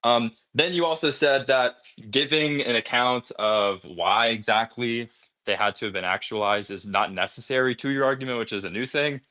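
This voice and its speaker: A man's voice: mid-range voice, moderate pace, pushed and bright. A man arguing in a heated online debate, aggressive, mocking and full of profanity.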